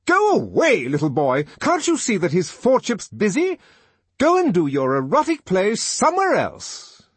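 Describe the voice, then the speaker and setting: A man voicing an angry male official who shouts and scolds. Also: sits high, huge pitch swings, a little slow, husky, dry recording, voice pushed up, heavily acted.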